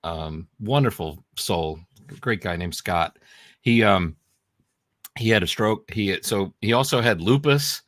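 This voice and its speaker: A man's voice: lowish voice, animated, a little slow, fairly bright tone, no room sound, clean studio sound. A man, a regular panelist on a talk stream, telling a story in a hesitant way with many ums. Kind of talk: casual storytelling.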